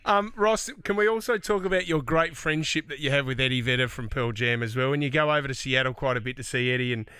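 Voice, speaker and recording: Bright, upbeat radio host. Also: male voice, medium pitch, quick pace, hardly any pauses, smooth, dry recording. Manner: upbeat, enthusiastic interviewer. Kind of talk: casual radio interview.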